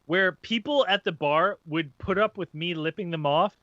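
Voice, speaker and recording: A man telling a story in a lively, profane way, laughing as he talks, on dull lo-fi audio. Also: high voice, moderate pace, no echo. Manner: animated, profane, laughs while talking. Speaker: podcast co-host. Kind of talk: casual storytelling.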